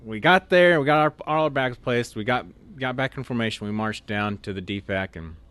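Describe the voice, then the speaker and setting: A man's voice: medium pitch, brisk, a bit bright, clear, resonant tone, no room sound. A man telling funny stories in a casual, rambling way, full of "like" and "you know.". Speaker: storyteller guest. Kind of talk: casual anecdotal storytelling.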